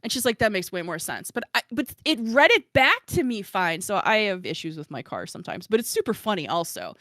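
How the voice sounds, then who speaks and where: A woman's voice: medium pitch, big pitch swings, fairly quick, a bit bright, no room sound. A woman podcast host chats casually, giggling and running herself down, with plenty of filler words. Her voice sits close and dry on the mic, with no room sound around it. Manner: chatty, giggly, self-deprecating, lots of fillers. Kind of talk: casual chat.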